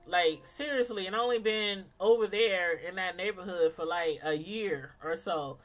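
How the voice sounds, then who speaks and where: A middle-aged woman vlogger telling a story in a casual, animated way, laughing often and using many fillers. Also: fairly low pitch, normal speed.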